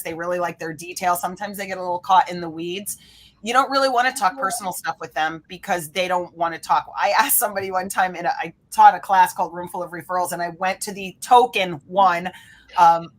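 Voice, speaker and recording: Energetic woman guest coach, animated interview delivery. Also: medium pitch. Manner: energetic, lively, acts out quoted people. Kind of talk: animated podcast interview talk.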